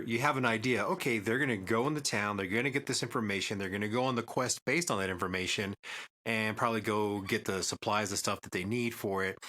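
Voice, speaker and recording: A man's voice: on the low side, bright, forceful tone. A man co-hosting a podcast in casual chat, talking bluntly and swearing easily. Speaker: podcast co-host.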